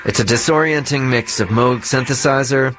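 A man narrating a documentary in a measured, explanatory way. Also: mid-range voice.

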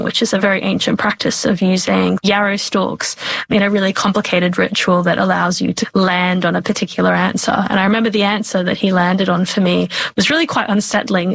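Gravelly-voiced woman scholar explaining. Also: mid-range voice, rough recording. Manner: thoughtful, explanatory, slightly halting. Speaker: scholar of divination. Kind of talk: interview conversation.

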